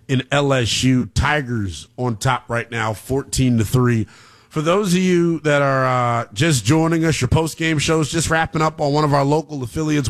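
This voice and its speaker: A man hosting a live college football talk show, reading scores and chatting in a lively, sing-song way with casual fillers. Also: on the high side, no room sound. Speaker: sports radio host. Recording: music bed under the voice.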